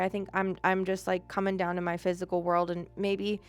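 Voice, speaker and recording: A young woman giving a psychic reading on a live stream, gentle and emotional, choked up and rambling with many fillers. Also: lowish voice, level tone, brisk, clear, resonant tone, faint music behind. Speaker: psychic medium.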